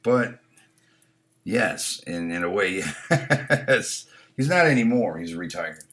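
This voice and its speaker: Low-pitched and a bit bright, this man speaks slowly but with animation. He hosts a casual live stream, reading chat comments out loud and offering blunt, heavily profane opinions with frequent restarts.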